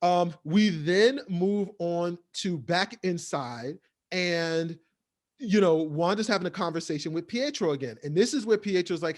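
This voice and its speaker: A man with a notably high voice co-hosts a casual TV review podcast. He recaps scenes in a loose, rambling way, leaning on "like" and "um" as he goes. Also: measured pace. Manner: rambling, filler-heavy recap. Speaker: podcast co-host.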